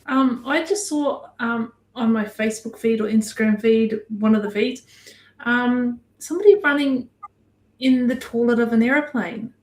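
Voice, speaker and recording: A woman on a podcast in casual chat, hesitant with many pauses and ums. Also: a little high. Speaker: podcast guest. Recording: roomy echo.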